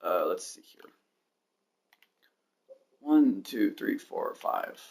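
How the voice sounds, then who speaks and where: A deep, gravelly male voice moves very slowly through a casual livestream of a game build. He rambles and puts himself down while counting blocks aloud to viewers, with background noise and a steady patter of mouse and keyboard clicks.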